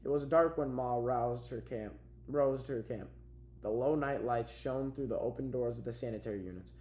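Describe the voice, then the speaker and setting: A man narrating a novel as an amateur audiobook, reading in a steady, plain way with small restarts. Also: medium pitch, moderate pace. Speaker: audiobook reader. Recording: roomy echo.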